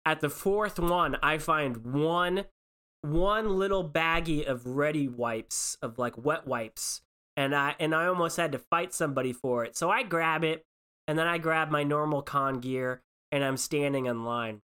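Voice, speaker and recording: A woman's voice: sits low, a little slow, smooth. A woman telling a story in casual chat, acting out the people in it. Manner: animated storytelling with acted-out voices.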